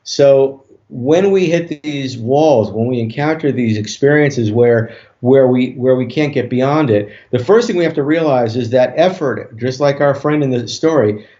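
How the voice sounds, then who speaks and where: A man, a hypnotist guest on an interview show, tells a story in a relaxed way with many fillers and restarts. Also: mid-range voice, a little slow, hardly any pauses. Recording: dull lo-fi audio.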